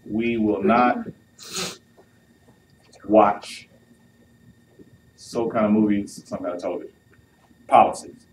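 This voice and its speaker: A man preaches to a youth crowd at a slow, unhurried pace. He acts out couples' lines in a playful way. His voice sounds distant from the mic, with faint noise underneath. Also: fairly low pitch, fairly even intonation. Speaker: youth speaker. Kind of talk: sermon.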